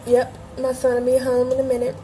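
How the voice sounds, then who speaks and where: A young woman with a fairly high voice hosts a casual jewelry tutorial livestream and talks loosely and directly to her viewers. She sounds a bit hoarse. Soft music plays faintly underneath. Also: monotone, fairly quick, poor audio. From Cleveland, grew up in Atlanta.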